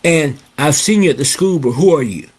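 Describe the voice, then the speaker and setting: A man voicing a taunting schoolboy bully in his story, with a husky, unpolished voice. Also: on the high side, animated, moderate pace, a little mellow. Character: rude boy in eighth grade, a bully.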